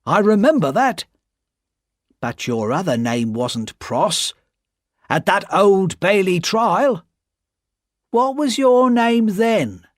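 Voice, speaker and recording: A man's voice: sits high, expressive, takes it slowly, pauses often, no echo, clean studio sound, pitched above the performer's own voice. A woman voicing a blunt, suspicious working-class man who questions emphatically in a read-aloud story. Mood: interrogating.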